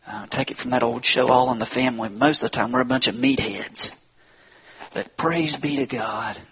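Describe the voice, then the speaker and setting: A pastor preaching a sermon, a man who swings from loud, impassioned appeals to hushed tones. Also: medium pitch.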